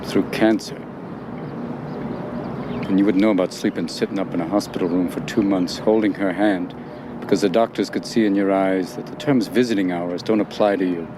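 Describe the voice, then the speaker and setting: An actor playing a grieving middle-aged male therapist, speaking in a low, measured voice. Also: fairly even intonation, natural voice. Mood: earnest. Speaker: therapist in a film clip. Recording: film audio with background noise.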